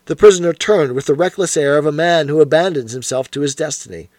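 A man narrating a story in a measured, expressive way. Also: a little high, no echo. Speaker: audiobook narrator.

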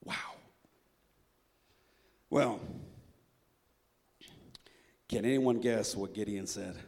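A man preaching a sermon as a pastor, retelling a Bible story in a lively, joking storyteller's way and acting out the characters. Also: lowish voice, very slow, pauses often. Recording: echoey hall reverb.

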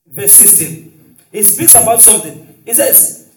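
A male preacher delivering a sermon in call-and-response style, with shouted exclamations and frequent hallelujahs. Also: high-pitched, lively intonation, a little slow, background noise. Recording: echoey hall, distant mic, faint music.

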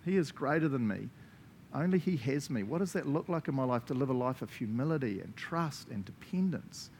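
A man with a New Zealand accent preaching a sermon as pastor, animated, laughing often and checking in with listeners with frequent "right?". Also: mid-range voice, brisk, slight background noise.

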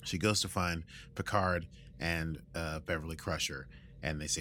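A man hosting a casual recap chat, rambling through the story and acting out quotes in goofy voices, with a morning voice that is still warming up. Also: a bass voice, fairly even intonation, moderate pace, slight background noise. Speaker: podcast host recapping an episode.

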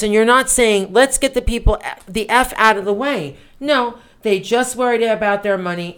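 A woman's voice: medium pitch, clear, resonant tone. A woman co-hosting a political podcast, talking in an indignant, emphatic way with rhetorical questions. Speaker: podcast co-host.

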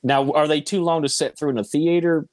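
A man's voice: on the high side, steady tone, fairly quick, darkish tone. An American man co-hosting a casual podcast chat, laid-back, hedging often and swearing casually. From United States. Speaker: podcast co-host.

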